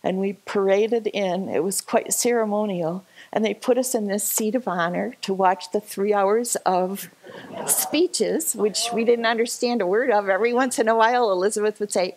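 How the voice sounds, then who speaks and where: A woman telling a lively, chatty story to a church congregation over a slideshow, laughing often. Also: a little high, normal speed, a little hiss or hum, poor audio. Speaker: church speaker sharing a trip slideshow. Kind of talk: casual storytelling talk. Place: church service.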